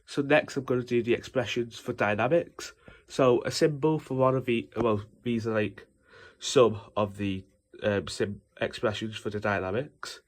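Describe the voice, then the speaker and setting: A man's voice: medium pitch, steady tone, normal speed. A young man talking through music notation in a loose, rambling way, with many fillers and self-corrections. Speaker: music theory teacher. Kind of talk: casual informal lesson explaining notation.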